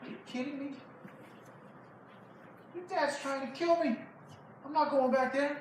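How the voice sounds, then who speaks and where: A man's voice: high voice, normal speed, a bit bright. A man as a wary young hunted hero. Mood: incredulous. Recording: echoey hall from far off, faint noise.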